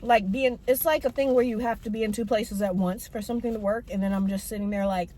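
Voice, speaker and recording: A woman's voice: medium pitch, fairly even intonation, quick pace, few pauses, warm tone. A young woman rambling in a casual, self-mocking vlog while she eats, talking with her mouth full, in a parked car. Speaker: vlogger.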